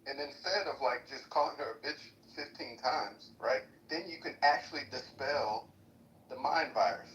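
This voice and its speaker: A man reasons calmly and persuasively in a live debate. His pitch sits in the middle range. The audio is echoey and sounds far from the mic. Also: moderate pace, a little hiss or hum. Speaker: participant urging calmer dialogue. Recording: echoey, distant livestream audio.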